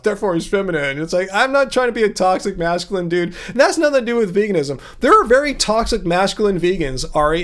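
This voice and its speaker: Broadcasting casually from a home music studio, this fifty-something livestream host has a lilting baritone that leaps upward to emphasize words.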